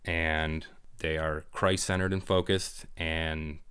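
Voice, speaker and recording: Guesting on a podcast, a middle-aged former Marine drill instructor talks about fatherhood, acting out voices and laughing often as he tells his stories. His voice is extremely low and slow, with a clean tone.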